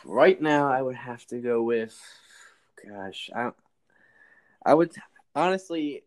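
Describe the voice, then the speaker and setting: A man's voice: mid-range voice, lively intonation, slow pace. A man talking as a guest in a casual sports chat, giving strong opinions and repeating his points.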